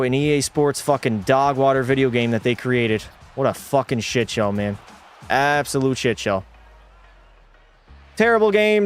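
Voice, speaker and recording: A man's voice: medium pitch, smooth. A young man streaming a hockey video game, commenting live and talking to his chat while ranting in frustration and swearing at the game. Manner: talks to chat.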